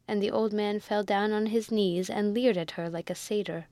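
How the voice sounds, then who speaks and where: A woman's voice: medium pitch, fairly even intonation, normal speed, few pauses, a little mellow, no echo. Woman narrating a classic novel. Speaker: audiobook narrator. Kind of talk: scripted narration.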